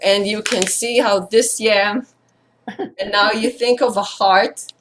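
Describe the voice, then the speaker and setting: A woman's voice: mid-range voice, fairly even intonation, slow, a little hiss or hum, rough recording. A woman in her thirties telling a personal story in an earnest, reflective way. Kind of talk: personal storytelling in an online circle.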